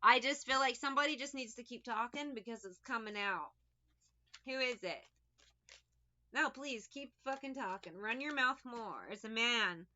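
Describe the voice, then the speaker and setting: A woman's voice: fairly high pitch, moderate pace, sharp tone, dull audio. A woman giving a casual tarot reading, rambling, sarcastic and liberal with swearing. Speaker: tarot reader.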